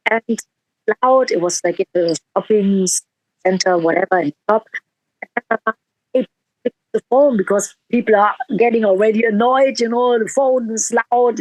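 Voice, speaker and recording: A woman's voice: medium pitch, a little mellow, no echo, low-quality recording. A woman musician in a casual interview, telling a heartfelt story with quoted dialogue and frequent restarts.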